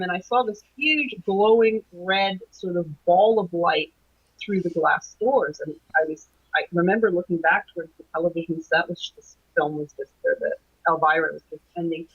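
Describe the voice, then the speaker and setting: Over muffled, lo-fi call audio, a middle-aged woman from Canada, appearing as an anomalies researcher, describes a strange night from her own life in an interview. Her voice is lowish, slightly husky and breathy, and she's hesitant, filling pauses and restarting sentences repeatedly.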